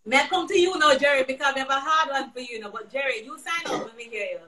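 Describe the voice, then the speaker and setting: A woman's voice: high-pitched, quick pace, sharp tone. A woman with a Jamaican accent hosting a casual chat, playful and teasing her guests. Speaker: show host.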